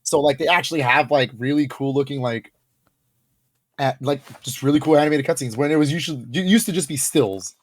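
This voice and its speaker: A young man co-hosting a podcast, talking casually and with lots of energy, his speech full of fillers and laughs. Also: a little high. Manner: animated, lots of filler words and quick laughs. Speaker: podcast co-host. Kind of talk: casual chat.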